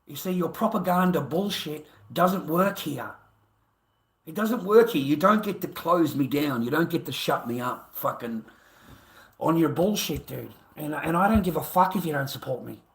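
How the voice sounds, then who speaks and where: A combative Australian man rants on a livestream, swearing and sneering at his audience. His voice sits a little high for a man and rings around an echoey room. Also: a bit bright. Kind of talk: angry livestream rant.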